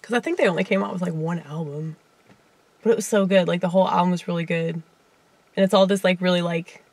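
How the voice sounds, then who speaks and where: A woman's voice: fairly low pitch, fairly even intonation, fast talker, a little mellow, no room sound. A woman with a Southern US accent, a comedian rambling in a casual monologue with lots of fillers and chuckles. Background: faint piano keyboard playing.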